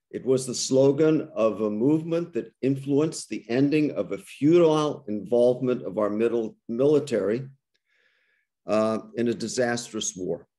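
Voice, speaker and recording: An older man, a rabbi appearing as a guest speaker, gives a reflective interfaith talk over a video call. His voice is warm, medium-pitched and unhurried, and he often restarts his phrases before posing rhetorical questions to his listeners.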